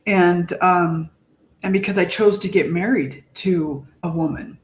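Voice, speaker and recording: A woman's voice: fairly low pitch, steady tone. Reflective woman in an echoey room. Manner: reflective, halting, searching for words. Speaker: podcast co-host. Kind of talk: casual heartfelt conversation.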